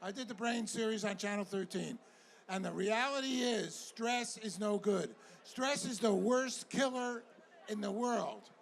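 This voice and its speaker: A man hosting a live outdoor event, stressing key points slowly and emphatically. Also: high-pitched, vocal fry, a little hiss or hum. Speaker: event host. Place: outdoor event in a city square.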